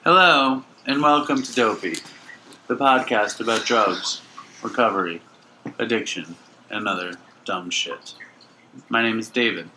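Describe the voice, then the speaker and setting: A man co-hosting a casual comedy podcast, teasing his partner with animated mock outrage. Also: lowish voice, a little slow, slight background noise, low-quality recording. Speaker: podcast co-host.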